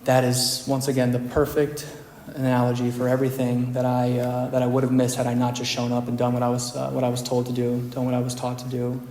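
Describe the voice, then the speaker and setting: Man, recovery speaker, flat delivery, conversational, self-deprecating, roomy hall echo. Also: mid-range voice, fairly quick, slight background noise. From United States. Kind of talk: personal recovery talk. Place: meeting room.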